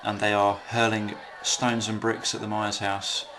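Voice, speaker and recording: A man's voice: fairly low pitch, monotone, unhurried, bright, forceful tone, a faint crowd. A man co-hosting a casual film commentary, chatty, swearing freely and laughing at his own anecdotes.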